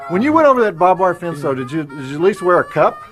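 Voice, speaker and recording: A wry host, middle-aged, who bounces his pitch all over as he kids around. His voice sits a bit high for a man. Faint music plays under him. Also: big pitch swings, quick pace, a bit bright. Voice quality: joking, wry. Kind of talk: film host banter.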